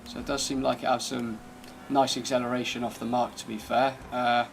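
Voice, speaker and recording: Guy reviewing a game car, gravelly low-key voice, kinda monotone, noisy recording. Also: fairly quick. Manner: laid-back, thinking aloud while driving. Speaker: gaming channel host. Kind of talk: casual gameplay commentary.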